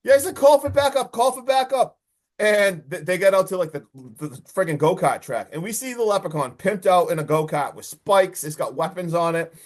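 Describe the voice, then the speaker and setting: A man on a horror movie podcast who talks a little high and keeps the energy up. He retells scenes in a casual way, swearing and acting out what the characters say. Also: a little fast, hardly any pauses. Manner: excited, swearing, acts out lines from the film. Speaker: podcast host.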